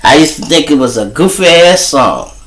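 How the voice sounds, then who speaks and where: A man's voice: a little high, lively intonation, normal speed, a bit bright, rough recording. Chicago guy hosting a live stream, speaks bluntly, swears a lot, talks right to his viewers. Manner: blunt, profane storytelling addressing viewers. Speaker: livestream show host. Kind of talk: casual live monologue.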